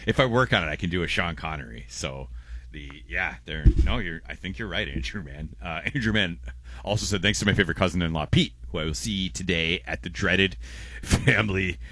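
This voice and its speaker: A man's voice: sits low, a little fast, sharp tone. A man co-hosting a casual radio show, reading listener messages with a rambling, stammering delivery and frequent laughs.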